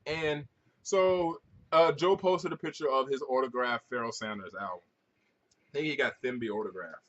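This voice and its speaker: A man, a record-collecting vlogger, telling stories to camera at home in an animated, profane way with frequent restarts. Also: medium pitch, moderate pace, dull audio. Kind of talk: casual storytelling to camera.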